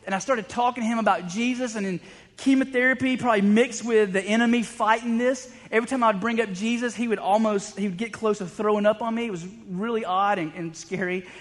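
A man's voice: high-pitched, fairly even intonation, brisk, big-room sound. A man preaching a sermon, telling stories in a conversational way with frequent restarts. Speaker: pastor.

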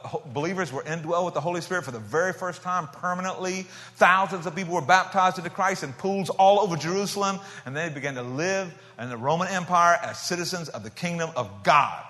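A man preaching a sermon, telling stories with animation and swinging from loud bursts to hushed tones. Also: fairly high pitch. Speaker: pastor. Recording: long reverb of a church hall.

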